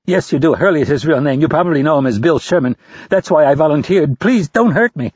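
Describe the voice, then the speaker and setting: A panicked male captive whimpers and begs in a thin, raised voice, as a man reading an audiobook puts him on. The tone is husky, and the recording is dry and slightly dull. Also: fairly high pitch, very animated, brisk, no echo, voice pushed up. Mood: pleading. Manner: pleading, whimpering. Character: frightened captive man begging, feigning weakness.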